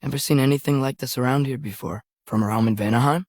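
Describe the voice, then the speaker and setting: A young actor playing an earnest, curious teenage boy in a video game, quietly talking to himself. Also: medium pitch, fast, dry recording, studio quality, close to an everyday voice. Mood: musing. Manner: quiet, musing self-talk. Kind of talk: game voice lines.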